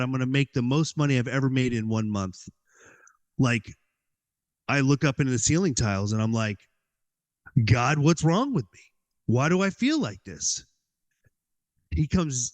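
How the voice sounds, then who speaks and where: The podcast guest acts out his internal monologue while animatedly relating a personal story. He says "like" often, in a mid-range voice.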